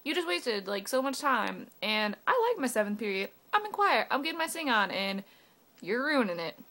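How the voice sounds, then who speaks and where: A teenage girl rants sarcastically into her phone camera for a webcam vlog, swearing heavily and saying "like" constantly in valley-girl fashion. Her voice is on the high side, very animated and sharp, at a moderate pace.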